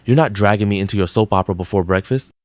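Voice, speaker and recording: A man's voice: fairly low pitch, very fast, a little mellow, no echo, studio quality. A man giving blunt, mocking scripted commentary on viral clips. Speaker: reaction commentator.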